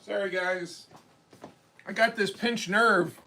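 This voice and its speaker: Young dude on a livestream, kinda high gravelly voice, talks loose and swears a lot. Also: male voice, fairly even intonation, takes it slowly, pushed and bright, slight background noise, low-quality recording. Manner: chatty, reads viewer questions aloud and swears freely. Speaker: livestream host. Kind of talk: casual live-stream chat.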